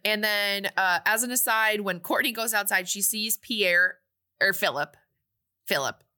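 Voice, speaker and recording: Chatty woman recapping a movie, bright voice. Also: medium pitch, a little slow. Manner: chatty, animated retelling with quoted asides. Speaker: podcast co-host.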